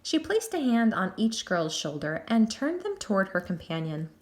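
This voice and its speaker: A woman narrating a children's novel aloud in an expressive, animated way. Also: mid-range voice, moderate pace. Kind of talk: storybook read-aloud.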